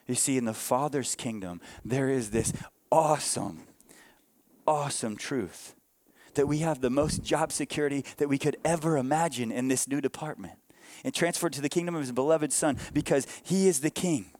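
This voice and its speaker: A man pastor preaching a sermon with earnest emphasis, moving between raised passages and hushed ones, with conversational asides to the congregation. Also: medium pitch, normal speed.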